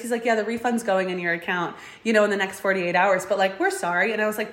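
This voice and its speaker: Young woman guest, animated storyteller, filler-heavy, echoey room. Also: mid-range voice, fast talker, hardly any pauses. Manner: animated, says "like" often, acts out quotes. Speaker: guest, van dweller. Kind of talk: casual interview storytelling.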